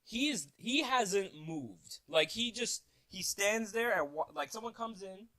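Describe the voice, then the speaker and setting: A man telling a story casually in a vlog, animated and joking, laughing at his own asides. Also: sits high, measured pace, no echo. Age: 20s. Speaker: vlogger.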